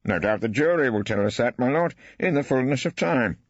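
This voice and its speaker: An actor playing an elderly barrister in an audiobook, questioning with arch, ironic politeness. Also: male voice, medium pitch, lively intonation, fairly quick, dry recording, voice pushed up, close to an everyday voice. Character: wry elderly male barrister, mock-polite. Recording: dry, slightly dull studio.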